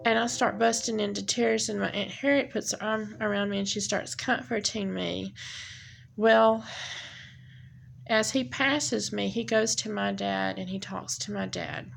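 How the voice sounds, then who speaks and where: A woman giving a personal testimony, speaking haltingly with many pauses and restarts. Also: medium pitch, steady tone, gravelly, a little hiss or hum. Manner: halting, with frequent ums and restarts. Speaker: speaker sharing her testimony. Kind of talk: personal testimony, unscripted storytelling.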